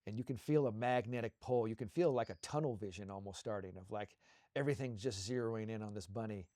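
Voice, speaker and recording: A man co-hosting a show, leading a slow guided visualization with soothing, repetitive coaching cues. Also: fairly low pitch, mellow, no room sound, studio quality.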